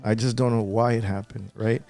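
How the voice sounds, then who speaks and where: A man's voice: fairly low pitch, fairly even intonation, moderate pace, creaky, a little mellow, no room sound, soft background music. A man as a podcast guest, talking earnestly and repeating himself as he recalls an upsetting event. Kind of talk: emotional podcast interview.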